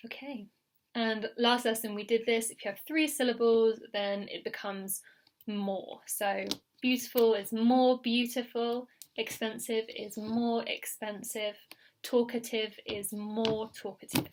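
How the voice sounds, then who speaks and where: A woman teaching an English grammar lesson, patient and clear, repeating key words and checking in with the learner. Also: on the high side, fairly even intonation, unhurried, slight background noise. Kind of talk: slow recorded grammar lesson.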